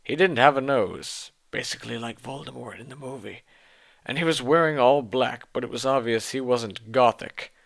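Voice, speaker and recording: A man's voice: medium pitch, normal speed, gravelly, fairly bright tone, no echo. A young man giving a sarcastic dramatic reading of a story, breaking off for exasperated, mocking asides.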